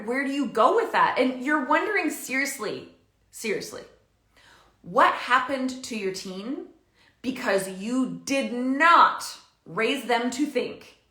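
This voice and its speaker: A chatty woman in her thirties coaching parents in a loose, animated way, full of fillers and little laughs. Her voice is bright and a touch high, and it rings in an echoey room. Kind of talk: casual advice talk to camera.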